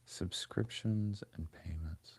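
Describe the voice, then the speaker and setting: A comedian in his forties hosts a casual livestream in a low, husky voice with vocal fry, speaking slowly. He rambles, swears and grumbles to his chat.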